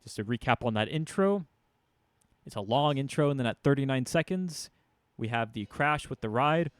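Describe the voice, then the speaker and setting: A drum teacher with a mid-range voice gives a casual lesson in a room with a drum kit, speaking expressively at a moderate pace with a clean tone. He explains hits and counts beats aloud, with drums played between his talk.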